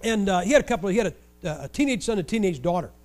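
An older man from Ohio preaches in a noticeably high voice. He tells his stories with animated energy and lands jokes with dry, wry sarcasm. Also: rapid-fire. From Ohio, USA. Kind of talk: storytelling sermon.

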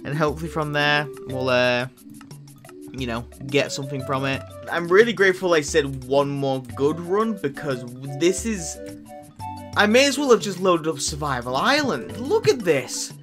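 A man giving casual gameplay commentary as a YouTuber, excitable and self-mocking, bursting into loud outbursts. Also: on the high side, moderate pace, over music. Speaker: gaming YouTuber.

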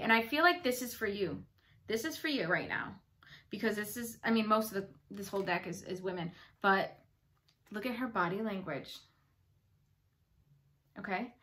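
A woman's voice: mid-range voice, bright, forceful tone. A woman giving a casual tarot reading, chatty and bubbly, rambling with fillers and playful asides. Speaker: tarot reader.

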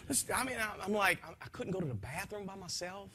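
A man giving an impassioned spoken testimony to a gathering in a folksy, rambling way, his voice swinging from soft to loud. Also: high voice, animated, fast talker, a little hiss or hum. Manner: folksy, rambling, with frequent restarts.

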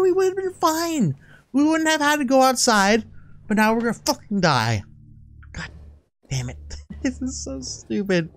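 A man hosting a gaming channel, playing a horror game with excitable, swearing commentary. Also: high voice, no room sound, studio quality. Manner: excitable, swearing, laughing asides. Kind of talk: let's play commentary.

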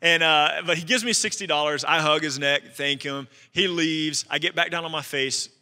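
A man's voice: a little high, fairly even intonation, normal speed, pushed and bright, big-room sound. A man preaching a sermon as a pastor, telling a personal story in a conversational way with asides to the congregation. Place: church sanctuary.

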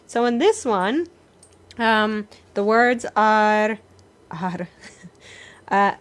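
A woman's voice: medium pitch, takes it slowly, long pauses. A woman leading an online singing workshop, explaining and singing short phrases as examples in an encouraging way. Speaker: singing teacher. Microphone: video call.

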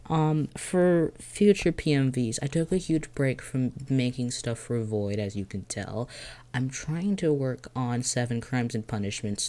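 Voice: mid-range voice, dark tone. A video creator chatting casually about their own videos, rambling and giddy with frequent restarts and laughs, while having a headache. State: has a headache. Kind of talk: casual vlog commentary.

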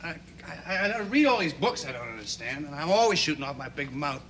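A young actor playing an earnest, idealistic teenage boy in a 1960s TV drama. He talks in a halting, rambling way full of restarts. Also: on the high side, very animated, a bit bright, slight background noise.

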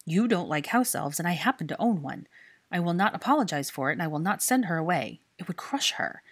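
A woman's voice: on the low side, animated, normal speed, husky. A woman voicing an anxious, earnest young man in love, talking in an urgent, pleading way.

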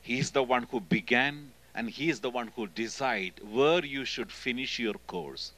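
A man with an Indian accent preaching a sermon in church as a guest speaker, emphatic and swinging between loud and hushed delivery. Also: mid-range voice, normal speed, rough recording. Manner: emphatic, often calling "hello?" to the congregation.

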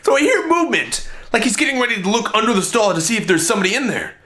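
Young man telling an animated comic story. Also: high voice, rapid-fire. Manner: animated, exaggerated comic delivery. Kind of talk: comedic story monologue.

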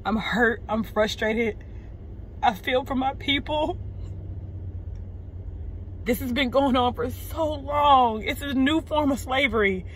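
A woman, venting unscripted to her viewers from a parked car. She is upset and shaken, sighing, halting and repeating words. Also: high voice, a little hiss or hum. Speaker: vlogger. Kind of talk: unscripted emotional vent to camera. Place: parked car in a parking lot.

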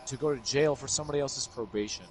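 A man's voice: medium pitch, fast, soft background music. A young man chatting casually while playing a video game, telling stories with plenty of swearing. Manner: swearing, animated storyteller. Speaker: streamer. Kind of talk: casual chat while gaming. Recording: game noise behind. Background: video game sounds.

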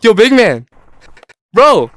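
A young man chatting during a game, excitable and panicky, saying bro constantly. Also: extremely high pitch, slow. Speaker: gaming video creator. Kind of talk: casual gameplay chat.

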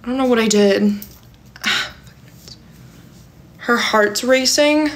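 Young woman, slightly high voice, casual rambling livestream host. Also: drawn-out words. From California. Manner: rambling and filler-heavy, many "like" and "um". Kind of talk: casual livestream chat, reading viewer comments.

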